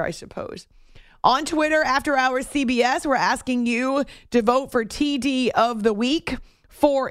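A woman's voice: a little high, no echo. Woman, sports radio host, chatty and self-deprecating, dry studio sound. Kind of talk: late-night sports radio talk. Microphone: studio microphone.

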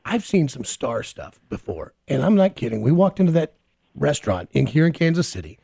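A man's voice: a little high, sing-song, a little fast, gravelly, mellow, breathy edge. A man hosting a casual chat, earnest and stammering through restarts, from the American Midwest. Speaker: host.

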